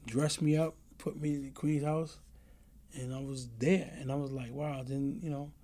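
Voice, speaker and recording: A man's voice: mid-range voice, steady tone, moderate pace, dark tone. A middle-aged man telling stories from his past in an interview, acting out the voices of the people in them and often asking "you know what I mean". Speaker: interview guest. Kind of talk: casual storytelling.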